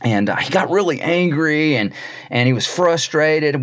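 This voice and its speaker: A man's voice: a little high, unhurried. A man preaching a sermon. He speaks earnestly, often repeats a word as he starts a phrase, and tells stories with quoted voices.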